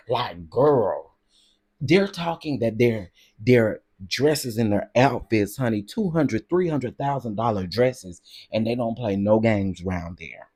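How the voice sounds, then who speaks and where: A man's voice: medium pitch, a little mellow, husky, dry recording, clean studio sound. A man hosting a livestream, chatting casually and gossiping as he reads out comments. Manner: chatty, gossipy, says "y'all" and "girl". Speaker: livestream host. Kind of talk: casual chat reading comments.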